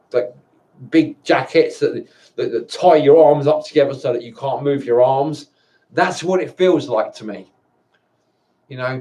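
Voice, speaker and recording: A man in a personal video monologue, tired and upset, talking in halting bursts with repeated words and frequent swearing. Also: mid-range voice, a little mellow. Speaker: vlogger. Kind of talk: emotional personal monologue to camera.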